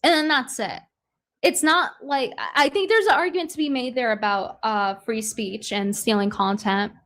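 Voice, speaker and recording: High-voiced chatty woman commentator. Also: normal speed, fairly bright tone. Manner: chatty, filler-heavy, sarcastic. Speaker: livestream co-host. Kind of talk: casual livestream commentary.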